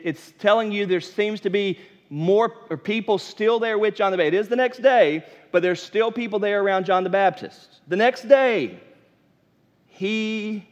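High-voiced preacher in a reverberant hall. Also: male voice. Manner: animated, folksy preaching with rising emphasis. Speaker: pastor. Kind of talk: sermon. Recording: dull lo-fi sound with long hall reverb.

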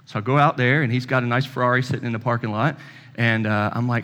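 A man's voice: medium pitch, fairly even intonation, fast talker, a bit bright. A man, preaching a sermon and telling a personal story in a folksy way, acting out both sides of the conversation. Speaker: pastor. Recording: long reverb in a church hall.

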